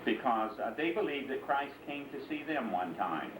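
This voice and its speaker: An interviewee and storyteller, this man patiently explains customs and tells a story to a child, often inviting the listener to join in. His medium-pitched voice is sing-song and moderately paced. The recording sounds echoey and distant-miked, with a noisy background.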